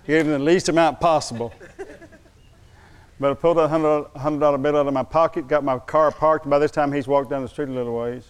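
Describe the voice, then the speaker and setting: An older man preaching a sermon, telling a personal story, slowing for emphasis and dropping to a quiet, moved tone. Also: fairly high pitch, fairly even intonation, clear, resonant tone. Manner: storytelling, slows down for emphasis, drops to a hushed tone when moved. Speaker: pastor.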